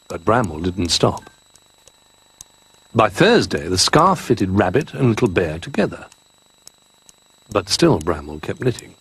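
A man narrating a children's storybook in an expressive, gently paced reading. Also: low voice, breathy edge, no echo.

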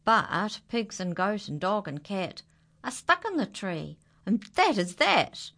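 Slow, dramatic woman reading a storybook. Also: very animated. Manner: dramatic, swinging between hushed whispers and high exclamations. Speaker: children's story reader. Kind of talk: reading a rhyming picture book aloud.

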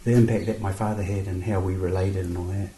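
New guy, low voice, telling his story in a roomy space, says bro a lot. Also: little pitch movement, mellow. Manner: halting, repeats words, says "bro" and "eh". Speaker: guest sharing testimony. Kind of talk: casual faith conversation.

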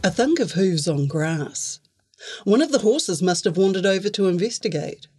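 A woman author reading a passage from her own novella aloud. Her delivery is even and clear, paced like a steady storyteller. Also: medium pitch, normal speed, soft background music. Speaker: author reading their work. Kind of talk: fiction reading.

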